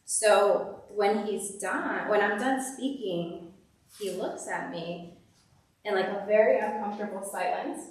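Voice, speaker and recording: A woman tells a personal story to a church gathering, candid and conversational, with lots of filler "like"s. She sits at a middling pitch. Her voice sounds distant from the mic and rings with a very echoey hall. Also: a little slow, a little mellow. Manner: candid, conversational, uses "like" often. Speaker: guest speaker at a church service. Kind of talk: personal testimony talk.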